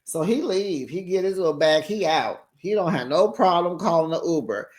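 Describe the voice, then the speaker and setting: A sassy host recapping a reality show in a breezy, gossipy way, calling viewers honey and girl. The voice sits in a middle register and the talk stays lively and opinionated throughout. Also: medium pitch, normal speed. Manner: talks in a breezy, chatty way. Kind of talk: casual gossipy TV recap commentary.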